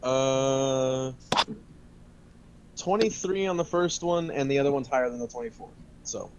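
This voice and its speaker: Slow, laid-back male player. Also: mid-range voice, darkish tone, clean tone, lo-fi sound. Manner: laid-back, swears and hums. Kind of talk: casual tabletop play.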